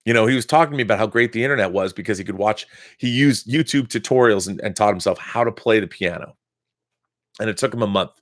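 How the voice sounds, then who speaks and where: A man's voice: fairly low pitch, fast, dry recording, studio quality. A man hosting a live stream, telling a story in an enthusiastic, rambling way. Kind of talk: casual live-stream monologue.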